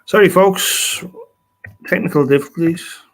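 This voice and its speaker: A man's voice: a little high, a little slow. A man hosting a casual live stream, chatting between songs and laughing often with apologetic asides. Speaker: musician host of a live stream.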